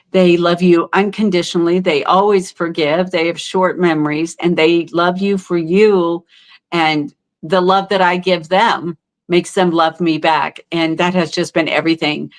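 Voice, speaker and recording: Heartfelt middle-aged woman, fairly low voice. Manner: heartfelt, halting, with many fillers and restarts. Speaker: podcast guest. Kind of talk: candid interview storytelling.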